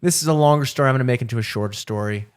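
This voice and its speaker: A man, talking casually on a podcast. He rambles through a long story, swears freely and acts out every other voice in it. His pitch is moderate and ordinary. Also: racing, smooth. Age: 30s. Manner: animated, profane, acts out quoted voices. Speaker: podcast co-host.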